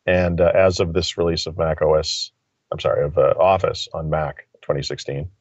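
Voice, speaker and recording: A very deep-voiced man rambles through a casual tech chat, stopping and restarting his thoughts. He calls in over a phone, so the sound is dull and lo-fi, with a dry, close feel. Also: fairly even intonation, moderate pace, no room sound. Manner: rambling, thinking aloud with many fillers. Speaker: tech commentator. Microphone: phone line.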